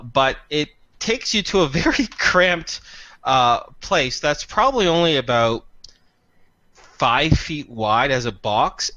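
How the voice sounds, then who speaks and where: A man narrating as game master, rambling with frequent pauses and fillers. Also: medium pitch, fairly bright tone, dry recording. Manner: rambling, halting with fillers, laughing at himself.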